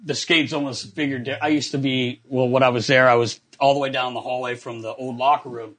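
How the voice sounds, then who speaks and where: A man hosting a podcast, a former hockey player who tells locker-room stories in an animated way and often laughs as he talks. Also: medium pitch, a little fast. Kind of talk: casual storytelling chat.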